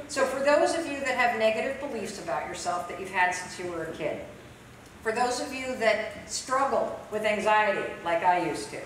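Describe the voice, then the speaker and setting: A woman's voice: a little high, fairly bright tone, a little hiss or hum. Woman speaker coaching a crowd, punchy and direct, big echoey hall, mic kinda far off. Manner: emphatic, direct, conversational. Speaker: motivational speaker. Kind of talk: live training talk to an audience.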